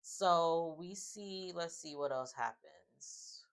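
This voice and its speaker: A woman speaks slowly in a fairly low voice, offering a casual, opinionated recap of a reality show. She chats loosely with many fillers, often saying "just like" and "um."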